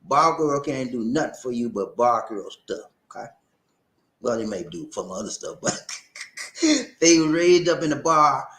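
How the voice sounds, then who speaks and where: With a medium-pitched voice and a measured pace, a man reads viewer comments during a casual livestream. His style is animated and preachy, punctuated by laughter and repeated phrases, and the room is echoey.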